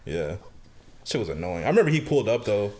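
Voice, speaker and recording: Laid-back slangy man, low voice. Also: very animated, fast, noisy background. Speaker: podcast co-host. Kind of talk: casual late-night podcast banter.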